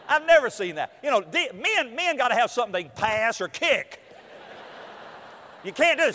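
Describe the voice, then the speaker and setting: High-pitched preacher guy, swoopy lively voice, storytelling sermon, big church echo. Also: normal speed, pauses often. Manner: animated, acts out quotes with laughter. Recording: long hall reverb.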